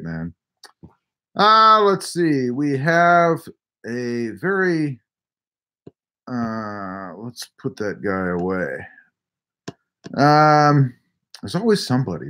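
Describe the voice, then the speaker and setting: A man's voice: fairly high pitch, a bit bright. A man hosting a casual live stream, reading viewer comments aloud and answering them in a laid-back, friendly way.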